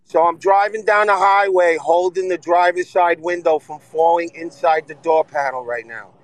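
A man from Northern New Jersey chats on his phone while driving, cursing his way through a rambling story. His voice sits a little high, and the sound is dry and close. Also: normal speed, dry recording, rough recording. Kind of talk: casual chat. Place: driving a car. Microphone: phone in hand.

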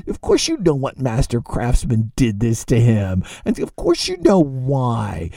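A male lecturer speaks in a very dark, mellow voice. His pitch swings widely as he fires off rhetorical questions and repeats phrases for emphasis. The recording is dry and close, with no room sound. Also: wildly swooping pitch, measured pace, vocal fry, hardly any pauses, no room sound. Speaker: literature lecturer.

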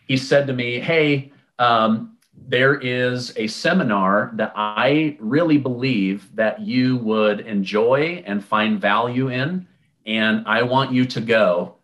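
A man's voice: fairly low pitch, slow. A man in a casual interview, telling a personal story conversationally and acting out the dialogue he quotes, with frequent restarts and fillers. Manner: animated, acts out quoted dialogue in a raised voice. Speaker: interview guest.

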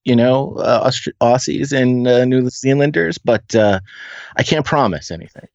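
An American man talking as a podcast guest in casual, animated conversation, with frequent fillers and quick restarts. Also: medium pitch, no room sound, muffled recording. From United States.

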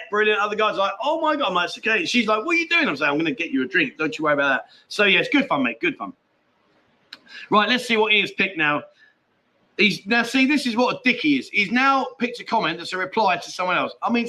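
A man's voice: high voice, bright, forceful tone. A man hosting a casual live stream, chatting and bantering with viewers and his co-host. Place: indoors at family home.

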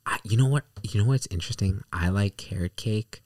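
A man's voice: fairly low pitch, fairly quick, darkish tone, dry recording, studio quality. A man in a casual chat, musing in a meandering, playful way.

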